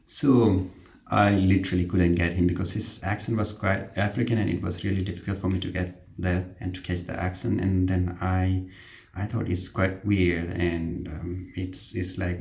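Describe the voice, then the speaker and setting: Man, low gravelly voice, casual self-deprecating storyteller, roomy echo. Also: a little mellow. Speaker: healthcare worker.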